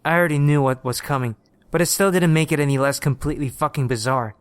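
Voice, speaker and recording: Smooth-voiced male horror narrator. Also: on the high side, fast, no echo. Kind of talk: first-person horror story narration.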